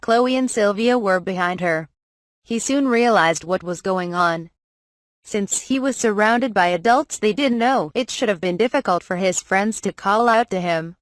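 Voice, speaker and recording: A woman narrating a light novel audiobook, reading the story and its dialogue in an even, measured way. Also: medium pitch, no room sound, clean studio sound. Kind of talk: scripted narration with character dialogue.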